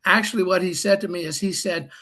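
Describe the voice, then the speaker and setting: A man's voice: high voice, fairly even intonation, fast, sharp tone. An older man and past district governor, telling folksy, self-deprecating stories with dry humor on a group video call. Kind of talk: storytelling talk on a group call.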